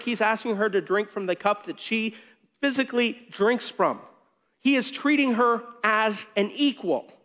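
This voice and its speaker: A man with a fairly high voice preaching a sermon. He talks in a chatty, animated way, cracks jokes and acts out the lines of the people in the story. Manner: animated and conversational, with jokes and acted-out quotes. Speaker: pastor.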